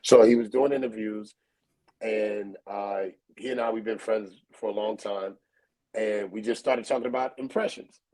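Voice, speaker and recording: A man talks in a low, easygoing voice. He tells his stories loosely, with plenty of fillers. The sound comes over a video call. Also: normal speed, rough recording. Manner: relaxed, storytelling, many fillers. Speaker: comedian guest. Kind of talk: casual interview talk.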